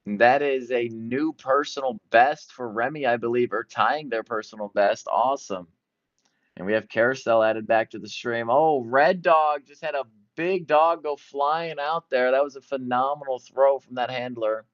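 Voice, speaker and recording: Male commentator, excited live play-by-play, mid-pitched, dry and dull lo-fi sound. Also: moderate pace, no room sound. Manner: excited, jumping between events. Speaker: sports commentator.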